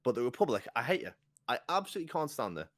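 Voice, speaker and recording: A young man talks casually on a podcast, blunt and crude in his opinions. His pitch is very animated, jumping widely from line to line, set at an ordinary male height. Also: rapid-fire. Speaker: podcast co-host. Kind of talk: casual chat.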